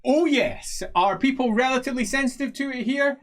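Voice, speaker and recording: A man's voice: very high-pitched, a little fast. A man narrating a tabletop role-playing game as game master, in a playful storytelling manner.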